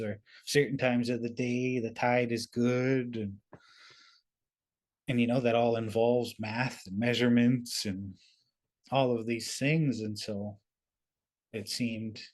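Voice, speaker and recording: A man telling a traditional story in a relaxed, conversational way over a video call, using many fillers like "kinda". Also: medium pitch. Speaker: storyteller and webinar presenter. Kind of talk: casual oral storytelling.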